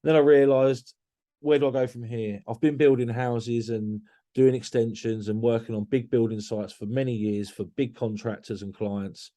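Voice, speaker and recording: Blunt, swearing man, mellow voice. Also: medium pitch, steady tone, moderate pace. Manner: blunt, swears freely, lots of restarts. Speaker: podcast guest. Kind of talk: candid podcast conversation.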